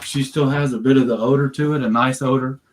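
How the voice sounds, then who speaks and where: A man chatting casually in a live chat, friendly and quick to laugh. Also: mid-range voice, steady tone. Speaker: chat guest.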